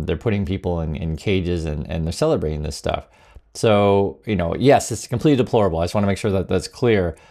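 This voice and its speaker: Male commentator, low gravelly voice, sarcastic, loose and halting. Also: a little mellow. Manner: sarcastic, many fillers and restarts. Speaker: political commentary host. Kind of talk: casual political commentary.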